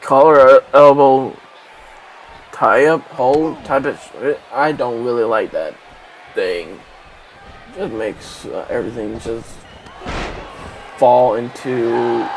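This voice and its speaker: A man's voice: mid-range voice, slow, pauses often, slight background noise, poor audio. A man giving rambling, casual gaming commentary, swearing constantly. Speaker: gameplay commentator.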